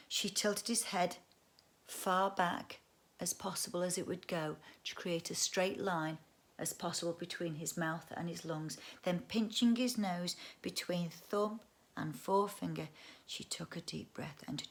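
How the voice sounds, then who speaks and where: A woman reading a children's book aloud, expressive and adding chatty asides. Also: lowish voice, normal speed. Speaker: audiobook reader. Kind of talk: storybook read-aloud narration.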